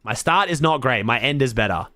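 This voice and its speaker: An excitable Australian man talks casually to his stream chat. His pitch swings widely, and he swears freely. The sound is dry and close. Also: brisk, no echo. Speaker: streamer watching a tournament.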